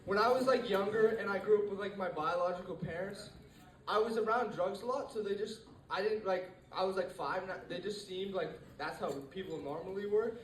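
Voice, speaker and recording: A man's voice: high voice, a little fast, slight background noise. A teenage man doing a rambling stand-up set, full of fillers and restarts, to a live room. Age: teens. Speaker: stand-up comedian. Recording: echoey room, mic far off.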